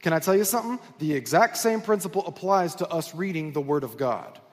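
A man with a high voice preaches to his church congregation. He talks in a conversational way and keeps checking in with his listeners by asking them questions. The sound carries a long reverb from the large room. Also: lively intonation, fairly quick. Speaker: pastor. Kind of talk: sermon. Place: church sanctuary.

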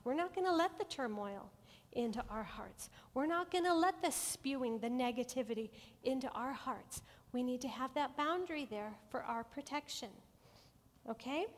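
High-voiced woman teaching Bible study. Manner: asks the audience frequent check-in questions; earnest, gentle and encouraging. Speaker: Bible teacher for a women's group. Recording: long hall reverb.

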